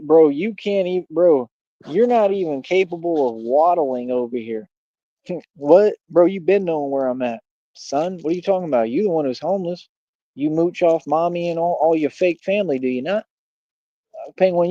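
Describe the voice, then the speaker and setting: A man's voice: on the high side, warm tone, no room sound, dull audio. A man hosting a livestream, combatively mocking and taunting a rival in a heated rant. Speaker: livestream host.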